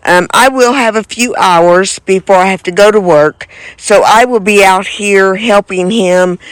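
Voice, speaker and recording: Brief: woman homestead vlogger, slow unhurried delivery, dry close sound, outdoors. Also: medium pitch, clear, resonant tone, no echo. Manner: unhurried, many ums and uhs. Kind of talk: casual garden vlog. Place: outdoor garden.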